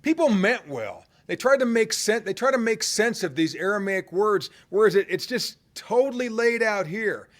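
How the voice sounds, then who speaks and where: A man preaching a sermon in a conversational way, swinging from loud cries to hushed low tones. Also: lively intonation, moderate pace, few pauses. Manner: conversational, with fillers and restarts.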